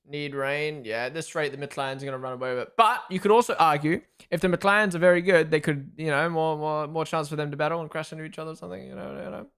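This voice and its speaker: This man speaks quickly with few pauses, in a slightly high, clean voice with some vocal fry. He hosts a live race watchalong, reacting excitedly, chatting casually, reading viewer comments, and thanking followers.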